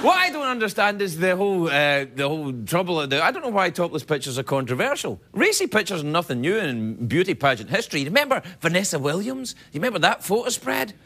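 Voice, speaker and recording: A man's voice: fairly high pitch, big pitch swings, quick pace, few pauses. A man hosting a late-night talk show, delivering a jokey comedic monologue full of self-mocking asides. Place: TV studio with live audience. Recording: loud studio audience laughter and noise.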